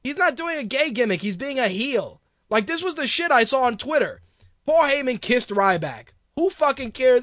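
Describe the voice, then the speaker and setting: Heated, foul-mouthed radio host. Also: male voice, very high-pitched, lively intonation, normal speed, fairly bright tone, no room sound, studio quality. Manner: heated, profane, rambling with many restarts. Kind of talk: casual on-air rant.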